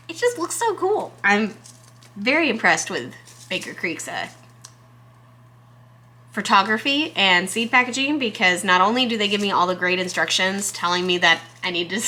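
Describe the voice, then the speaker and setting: A young woman from Texas talks straight to her viewers in a casual gardening vlog. Her voice is bright and clear-edged, sitting at a middle pitch. She rambles cheerfully and pokes fun at herself as she goes. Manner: chatty, self-deprecating, excitable. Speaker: gardening vlogger. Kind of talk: casual chat to camera.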